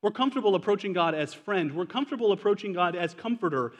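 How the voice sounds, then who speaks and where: Man, 40s, pastor, sermon, high-pitched, conversational with rhetorical questions, long reverb from the hall. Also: expressive, fast talker, highs cut off.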